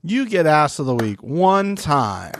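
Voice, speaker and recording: A man's voice: on the high side, very animated, takes it slowly, a bit bright, slight background noise. A man co-hosting a podcast, chatting casually about a reality show with dry, teasing sarcasm. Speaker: podcast co-host. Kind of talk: casual reality-TV recap chat.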